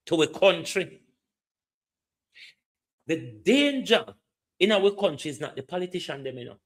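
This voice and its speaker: A man's voice: fairly high pitch, a bit bright. A man with a Jamaican accent hosting political commentary, lecturing and firing pointed questions at his listeners.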